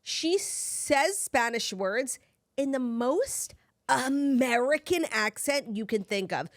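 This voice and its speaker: A woman co-hosting a podcast in casual chat, animated and laughing often as she tells stories. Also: high-pitched, takes it slowly, no echo, clean studio sound. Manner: animated, laughs often, gasps while storytelling. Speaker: podcast co-host.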